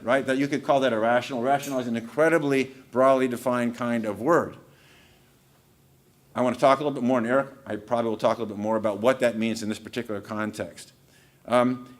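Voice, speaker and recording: Man, law panel lecture, emphatic, explanatory, stresses key words. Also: mid-range voice.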